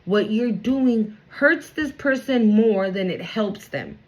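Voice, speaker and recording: A woman's voice: medium pitch, lively intonation, slow pace, low-quality recording. A woman giving a casual spiritual card reading to her viewers, chatty and blunt, swearing freely and reassuring them.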